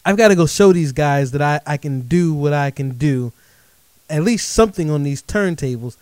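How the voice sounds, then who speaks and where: A middle-aged man telling a true story in a lively monologue, speaking directly to his listeners. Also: a little high, normal speed, smooth, dry recording. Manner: animated, addresses audience directly as folks.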